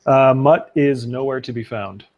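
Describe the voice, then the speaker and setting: A man's voice: mid-range voice, unhurried, lo-fi sound, a crowd in the background. A man narrating a tabletop role-playing game as game master, loose and chatty, with fillers and laughs.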